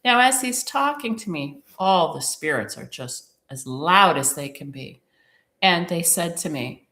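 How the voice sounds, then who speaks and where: A woman hosting a podcast, telling a personal story in an emotional, animated way and quoting the people in it. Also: on the low side, moderate pace, echoey room. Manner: emotional, animated retelling with quoted dialogue. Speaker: podcast host.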